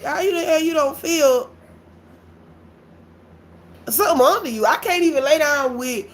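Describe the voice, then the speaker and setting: A woman telling a story on her live stream, animated and blunt, swearing freely and talking straight to her viewers. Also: high voice, normal speed. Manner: animated, blunt and profane, addresses viewers as y'all. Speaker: livestreamer.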